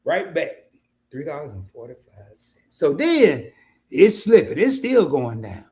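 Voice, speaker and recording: Male livestream host, fairly high and very animated voice, loose chatty delivery to his viewers. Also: a little slow. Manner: animated, colloquial, addresses viewers as y'all; mimics worried investors in high voice. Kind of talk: casual livestream chat.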